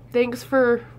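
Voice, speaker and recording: A young woman speaks to her viewers through tears in a personal vlog. Her voice sits high, and her sentences break off and start over as she talks. A faint hiss runs underneath the recording. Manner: halting, tearful, many restarts. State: crying. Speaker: vlogger.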